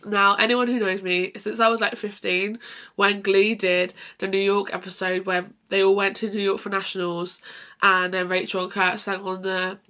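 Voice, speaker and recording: A woman's voice: mid-range voice, flat delivery, normal speed, sharp tone. A young woman chatting to camera in a casual vlog, rambling with many restarts and fillers. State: sneezing, slightly emotional. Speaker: lifestyle vlogger.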